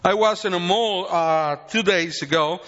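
A man's voice: high voice, measured pace, a bit bright, long reverb tail, muffled recording. A man in his fifties from Mexico with a Mexican Spanish accent, a native Spanish speaker giving an earnest, rambling sermon testimony in broken English.

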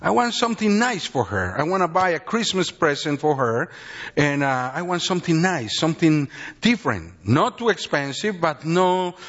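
In a large hall, with the highs cut off, a Mexican man in his fifties speaks in a somewhat high, slightly bright voice. A native Spanish speaker with a Mexican Spanish accent, he gives an earnest, rambling sermon testimony in broken English.

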